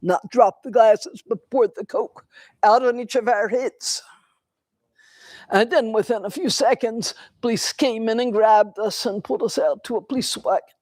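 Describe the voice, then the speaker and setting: An older woman giving a dharma talk in a temple, telling a personal story in a slow, reflective way with pauses. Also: a little high, darkish tone, no echo. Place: temple hall.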